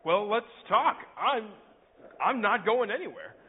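A man playing a young pastor, hurt but gentle and patient with a boy. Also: sits high, very animated, unhurried, full character voice. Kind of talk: church cantata drama. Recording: tinny lo-fi recording.

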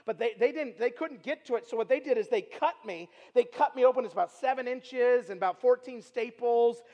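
A man preaching a sermon as a traveling evangelist, telling a personal story in a conversational, animated way with filler words and loud emphatic moments. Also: extremely high pitch, a little fast, dull audio. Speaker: itinerant preacher. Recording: long reverb from a large hall.

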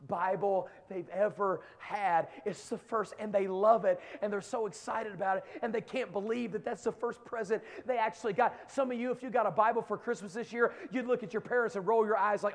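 Middle-aged male preacher, high voice, swings from hushed stories to shouting in a big church. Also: fairly even intonation, brisk, hardly any pauses. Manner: builds from quiet storytelling to shouted exhortation. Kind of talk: sermon to young people. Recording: long hall reverb.

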